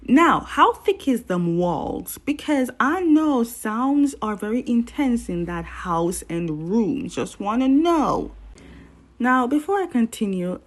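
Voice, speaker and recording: Woman, drama recap vlogger, playful, chatty, lively pitch. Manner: chatty, playful, talks straight to viewers.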